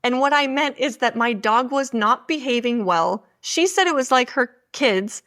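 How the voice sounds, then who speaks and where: Brief: woman in her thirties, solo podcast host, animated self-deprecating storyteller, a little high-pitched. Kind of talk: casual storytelling.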